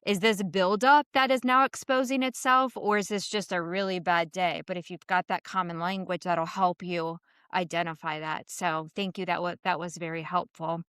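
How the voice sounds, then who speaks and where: A woman's voice: lowish voice, steady tone, normal speed, few pauses, fairly bright tone, clean tone, dry recording, studio quality. A middle-aged woman hosting a podcast interview, speaking earnestly as a first responder's spouse and putting thoughtful questions to her guest.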